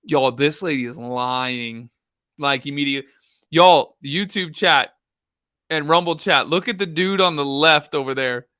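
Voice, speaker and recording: A man's voice: fairly high pitch, measured pace, smooth, dry recording, studio quality. A man hosting a live true crime reaction stream, talking bluntly to his chat. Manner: loud, blunt, talks to chat.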